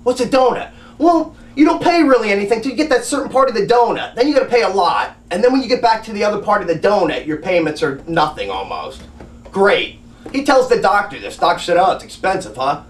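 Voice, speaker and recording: A man's voice: sits high, fairly quick, distant mic. A man telling a story about a doctor visit, worked up and acting out what everyone said. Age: adult with a grandmother and father living. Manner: agitated, animated retelling with acted-out quotes. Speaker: family advocate recounting a doctor visit. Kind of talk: casual personal storytelling. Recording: echoey room, voice away from mic.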